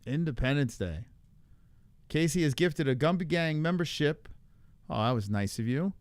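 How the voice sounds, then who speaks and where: A man's voice: on the high side, lively intonation, normal speed, dry recording. A man hosting a live stream, chatting casually and reacting to viewer comments with swearing, laughter and rambling restarts. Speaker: livestream host.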